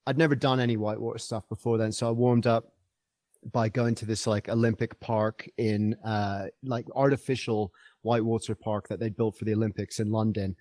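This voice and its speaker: A man's voice: fairly low pitch, flat delivery, fairly quick, darkish tone, dry recording. A man guest on a podcast interview, telling a travel story in an enthusiastic, rambling way with many fillers and restarts.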